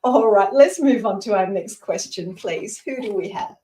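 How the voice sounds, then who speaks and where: A woman's voice: medium pitch, animated, normal speed, a little hiss or hum. Scottish-born psychic woman in her 60s, reassuring live card reading, roomy sound from a distant mic. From Scotland. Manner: warm, reassuring, talks to the asker by name. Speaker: psychic reader.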